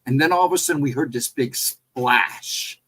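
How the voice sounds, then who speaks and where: A man telling a spooky encounter in a casual, rambling, animated way. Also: mid-range voice, moderate pace, breathy edge, poor audio. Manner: animated, rambling retelling with restarts. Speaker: storyteller. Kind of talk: casual spoken ghost story.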